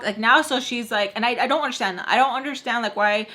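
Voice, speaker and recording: A woman's voice: on the high side, quick pace, bright, forceful tone. A young woman telling a personal story in casual vlog chat, heated and ranting, swearing freely and leaning on "like". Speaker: beauty vlogger telling a story.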